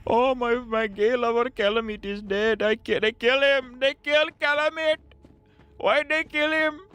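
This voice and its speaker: A man doing a wailing, squeaky dragon boss. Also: steady tone, bright, forceful tone, smooth, heavily acted. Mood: whining. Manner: high, drawn-out wailing. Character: whiny male dragon boss mourning his lover.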